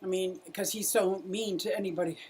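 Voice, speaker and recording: A woman's voice: mid-range voice, fairly even intonation, a little fast, a little mellow, breathy edge. Middle-aged woman, casual livestream host, chatty with her viewers and her turtles. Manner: chatty, greets viewers, talks to her animals. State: out of breath at times.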